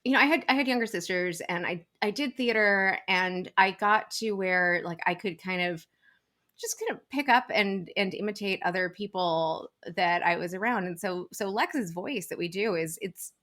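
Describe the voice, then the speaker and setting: A woman's voice: medium pitch, moderate pace, bright, forceful tone. A woman from Texas, a voice actor, chatting at length in a casual interview, with many restarts. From Texas, El Paso.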